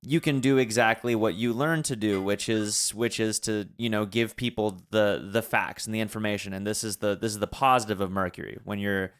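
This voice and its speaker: Brief: young man cohosting a chat podcast, smooth clear voice, thoughtful and a bit rambly. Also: lowish voice, steady tone, fairly quick, few pauses. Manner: reflective, with many restarts and fillers. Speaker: podcast co-host, son. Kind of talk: casual chat.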